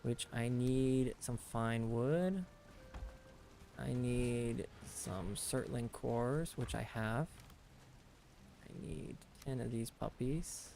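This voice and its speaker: A man's voice: medium pitch, very slow, gravelly, warm tone, a little hiss or hum. An American man chatting casually with his stream chat while playing a game, rambling and talking things through as he goes. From United States.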